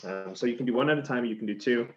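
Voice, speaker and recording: A man's voice: mid-range voice, racing. A male chef giving a cooking demonstration, explaining each step in an easygoing, chatty way as he chops vegetables in a kitchen. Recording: slightly dull sound with faint noise.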